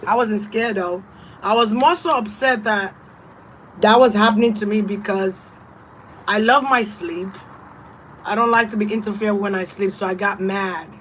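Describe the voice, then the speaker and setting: A woman's voice: mid-range voice, normal speed, fairly bright tone, a little hiss or hum, low-quality recording. Blunt, profane woman giving spiritual advice. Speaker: tarot reader.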